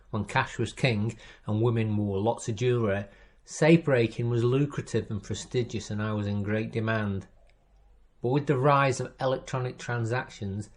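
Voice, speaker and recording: A man reads a first-person crime story aloud at an even, measured pace. His voice sits in an ordinary middle register, and the delivery carries a dry, wry edge. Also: medium pitch. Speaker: story reader. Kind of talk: scripted first-person narration.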